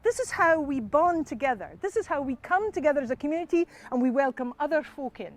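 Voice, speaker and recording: Scottish woman storyteller, high and lively, chatty, speaking to an audience. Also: fast. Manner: animated, conversational.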